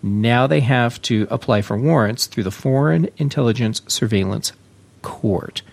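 A man hosts a daily tech podcast in a relaxed, conversational way. He chats easily and pauses often with small fillers, his voice mid-pitched and plain. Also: creaky. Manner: relaxed, chatty, frequent uh fillers. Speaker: podcast host. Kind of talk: casual tech podcast talk.

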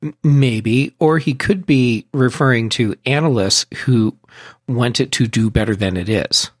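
A man's voice: mid-range voice, a little slow, no room sound, clean studio sound. A man co-hosting a casual tech podcast, mostly chiming in with short questions and replies. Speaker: podcast co-host.

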